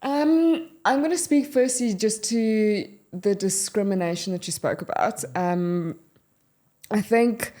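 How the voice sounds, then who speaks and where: A woman from South Africa with a South African English accent, co-hosting a podcast and talking frankly and in a measured way about her own experience. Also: mid-range voice, dark tone. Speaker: podcast co-host. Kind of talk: candid conversational podcast chat.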